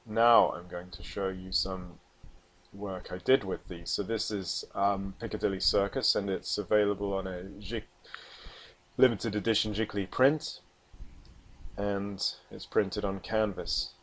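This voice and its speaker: A low-voiced man talks through a software tutorial in a loose, rambling way, full of ums and false starts. He sounds a little short of breath as he explains, in a casual screen-recording manner. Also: fairly even intonation, measured pace. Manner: rambling, with many ums and restarts. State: slightly out of breath. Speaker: artist giving a software tutorial.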